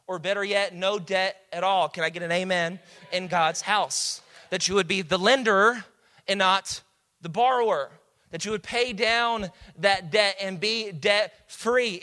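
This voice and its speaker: A pastor preaching a sermon, calling out to the congregation and building to shouts. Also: male voice, sits high.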